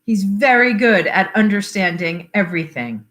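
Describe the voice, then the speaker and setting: A woman's voice: medium pitch, normal speed, fairly bright tone, natural voice. A woman reading the lines of a blunt, bitter middle-aged father grieving for his sick son, in her own voice with little change. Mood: somber. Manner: blunt, swears, wry about odds.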